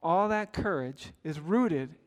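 High-voiced man preaching a sermon. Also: animated, slow. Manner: earnest preaching with rising emphatic exclamations. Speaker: pastor.

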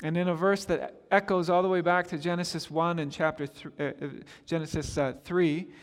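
A man preaching a sermon as pastor, expressive, swinging from loud to hushed. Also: on the high side, normal speed, in a large hall.

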